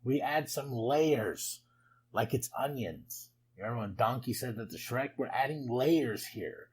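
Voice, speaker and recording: Excitable man recapping wrestling. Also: medium pitch, measured pace, breathy edge, poor audio. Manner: excitable, laughs often, chatty asides. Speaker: podcast host.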